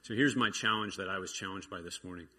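A man's voice: sits low, fast talker, bright, forceful tone, slightly rough. A man giving an informal testimony at a church meeting, telling an everyday story earnestly and often restarting his sentences. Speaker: church member sharing a testimony.

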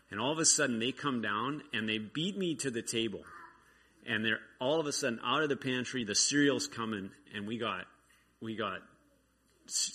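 A man's voice: fairly low pitch, bright, forceful tone, husky. A man giving an informal testimony at a church meeting, telling an everyday story earnestly and often restarting his sentences. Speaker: church member sharing a testimony.

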